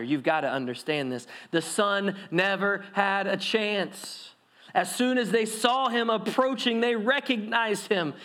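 A man preaching a sermon, retelling a parable with lively acted-out crowd voices and rhetorical questions. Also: sits high. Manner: animated storytelling, acts out crowd voices. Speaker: pastor.

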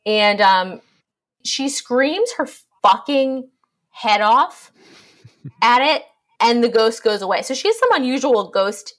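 A woman's voice: on the high side, expressive, slow pace, fairly bright tone. A woman on a podcast casually summarizing a story, irreverent and swearing freely as she jokes along. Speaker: podcast co-host. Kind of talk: casual book discussion chat.

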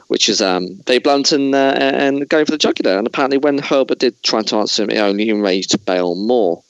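A man hosts a casual chat in a medium-pitched voice. He rambles and digresses, often restarting his sentences. The recording is dry and close. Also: a little fast, smooth, dry recording, low-quality recording. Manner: chatty, digressive, many restarts. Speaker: podcast host.

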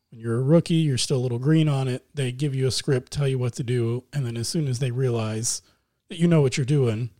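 A man co-hosting a casual wrestling talk show, explaining his views in a calm, reasoned way. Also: mid-range voice. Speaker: podcast co-host.

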